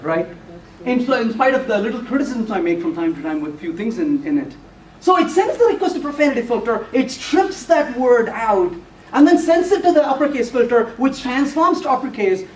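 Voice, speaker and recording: A man's voice: extremely high pitch, sing-song, fairly quick. A middle-aged man giving a live technical talk to an audience, playful and teasing, quizzing the room with questions. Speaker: conference speaker. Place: meeting room before an audience. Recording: roomy, distant, faint room noise.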